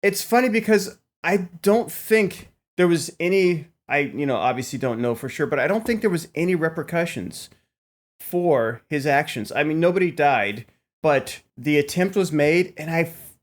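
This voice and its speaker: Podcast co-host, male, rambling storyteller, voice a little on the high side. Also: lively intonation, normal speed. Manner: rambling storyteller, frequent fillers and laughs. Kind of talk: casual comedic chat.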